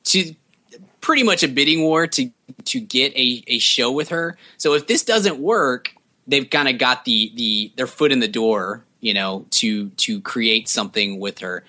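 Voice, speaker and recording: A man with a bright, forceful voice talks casually as a podcast co-host. He rambles through opinions and drops dry, sarcastic asides. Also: mid-range voice, unhurried. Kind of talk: casual chat reviewing TV pilots.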